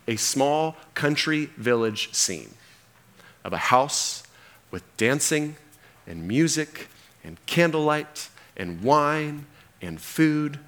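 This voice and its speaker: Male pastor, animated storyteller sermon, mid-pitched. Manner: animated storytelling, acts out the characters.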